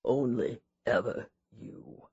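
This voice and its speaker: A young husband, eager and loving, voiced by a woman who drops her pitch low beneath her own dark tone. The recording sounds dull and a little muffled, with a dry, close sound. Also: lively intonation, measured pace, breathy edge, no echo, full character voice. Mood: dying whisper. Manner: joyful, then faint gasping whispers.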